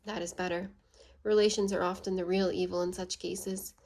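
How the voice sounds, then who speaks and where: A woman reading as a blunt, proud English gentleman. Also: on the low side, flat delivery, normal speed, a little hiss or hum, lightly acted. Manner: blunt, scolding. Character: blunt, proud, sarcastic middle-class Englishman.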